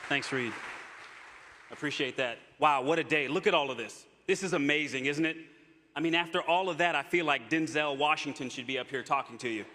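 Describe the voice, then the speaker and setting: A man with a bright, forceful voice gives an earnest, upbeat speech from a stage. The sound rings with a long hall reverb, and his pitch sits a little high for a man. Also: a little fast. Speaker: astronaut. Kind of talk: public speech. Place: large hall with audience.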